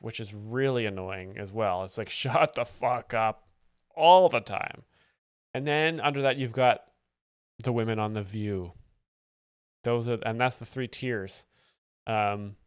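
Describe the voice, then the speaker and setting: A man hosting a stream, explaining jokes in a deadpan, faux-earnest expert manner. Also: mid-range voice, smooth, dry recording, studio quality. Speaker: host, joke explainer. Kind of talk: mock-expert comedic commentary.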